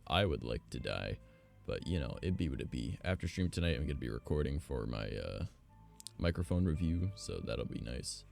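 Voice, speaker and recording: A man's voice: rumbling low, gravelly, darkish tone. A man streamer telling stories in casual chat, rambling, blunt and profane. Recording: faint background music.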